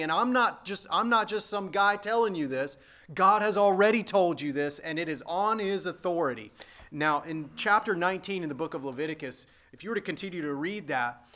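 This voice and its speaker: Male pastor, earnest emphatic sermon delivery, bright tone. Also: high-pitched. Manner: earnest, emphatic preaching with frequent restatements.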